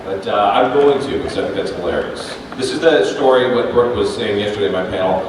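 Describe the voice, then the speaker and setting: A man's voice: on the low side, fast talker. A man, a voice actor answering fan questions at a convention panel, telling stories with lots of laughter. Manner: animated, laughing, storytelling, swears casually. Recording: echoey hall from far off, noisy.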